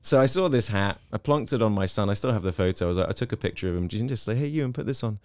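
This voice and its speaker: A quick, lively English man with a fairly low voice, sitting in as an interview guest and spinning anecdotes with quoted voices. The sound is close and dry, with no room around it. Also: smooth, no echo. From Hong Kong. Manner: animated storyteller, slips into quoted voices. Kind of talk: casual interview chat.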